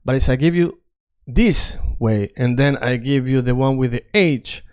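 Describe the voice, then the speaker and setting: Smooth-voiced man drilling phrases. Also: mid-range voice, measured pace, a little mellow. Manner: repeats phrases for drilling, coaxing learners to say them along. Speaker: Spanish teacher. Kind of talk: language drill lesson.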